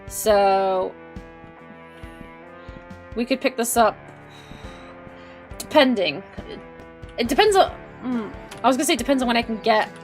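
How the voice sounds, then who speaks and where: A woman giving casual live commentary on a game she is streaming, expressive, swearing often and teasing herself. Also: mid-range voice. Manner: expressive, swears often, playfully self-mocking.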